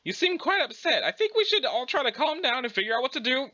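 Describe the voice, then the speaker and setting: A man's voice: extremely high pitch, sing-song, fast, pushed and bright, dull audio, voice pushed up, heavily acted. A man voicing a polite, soothing young woman. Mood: calm polite.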